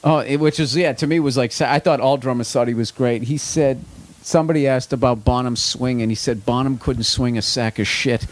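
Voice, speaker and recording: A man's voice: medium pitch, steady tone, fairly quick. A man guesting on a casual podcast, talking bluntly and animatedly, telling stories and swearing freely. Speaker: comedian guest.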